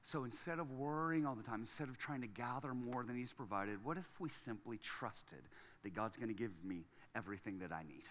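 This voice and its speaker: A man preaching a sermon as lead pastor, chatty and jokey, going from hushed to loud. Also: on the low side, long reverb tail.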